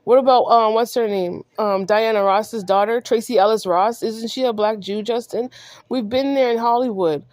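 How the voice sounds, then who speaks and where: A woman's voice: on the high side, moderate pace, a little mellow, no room sound. A woman vlogger delivering a heated monologue, scolding someone directly and repeating herself for emphasis.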